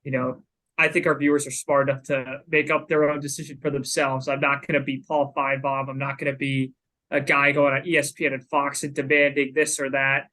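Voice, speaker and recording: Bright-voiced man chatting about sports. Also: mid-range voice, flat delivery, fairly quick, rough recording. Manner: chatty, lots of "you know" fillers. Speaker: podcast co-host. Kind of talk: casual sports podcast talk.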